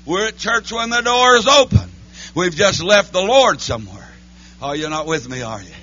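A man preaching a holiness church sermon, chanting his lines between breathy "uh, amen" beats. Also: high-pitched, animated, normal speed, sharp tone, dull audio. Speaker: pastor. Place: church sanctuary.

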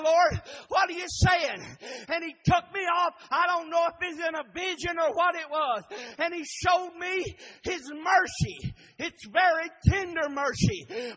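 A preacher delivers a revival sermon in a very high voice. His tone is bright and cutting, and he hollers his lines with fervent repetition.

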